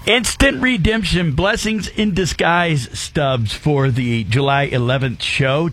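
A man's voice: medium pitch, animated, measured pace, few pauses, fairly bright tone, breathy edge. Playful rock radio DJ man. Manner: loose, playful, repeats numbers. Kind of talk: casual rock radio banter. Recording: music bed underneath.

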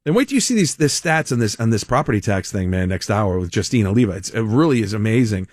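A man's voice: on the low side, animated, fast talker, darkish tone, dry recording. Male radio host, sarcastic monologue, mocking tone, dry close studio sound. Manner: sarcastic, mocking, laughs often. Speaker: radio talk show host. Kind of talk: opinionated talk radio monologue.

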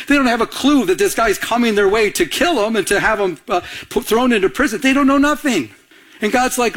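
A male pastor preaches with lively call-and-response, asking his listeners for amens. He acts out the people in the story with changes of voice and often stumbles over his first words. His voice sits a little high for a man. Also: rough recording. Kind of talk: sermon.

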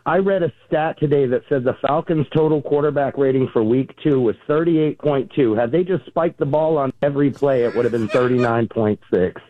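A man's voice: medium pitch, brisk, few pauses. Wry, exasperated man on a phone line. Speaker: caller. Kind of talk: phone-in call.

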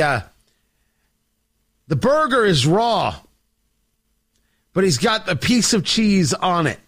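A man hosts a political commentary show in a fairly high voice that swings widely in pitch. He delivers an opinionated monologue, sarcastic and theatrical, and talks straight to his audience. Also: fairly bright tone.

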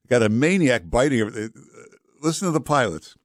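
A man guest-hosting a talk radio show, joking loosely and filling pauses with "uh". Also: mid-range voice, big pitch swings, slight background noise. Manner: joking, loose, with many "uh" fillers. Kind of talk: casual talk radio banter.

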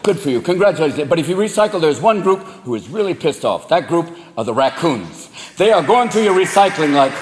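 Man, stand-up comic, high lively voice, roomy hall with loud crowd laughter. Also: brisk, few pauses, noisy background. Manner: profane, animated, shouting punchlines. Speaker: stand-up comedian. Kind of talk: stand-up comedy. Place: large venue with audience.

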